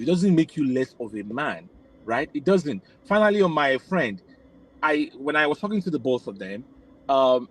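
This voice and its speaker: Man from Nigeria, podcast guest, reflective, explains at length, slightly high voice. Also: breathy edge, low-quality recording. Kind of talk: casual podcast conversation.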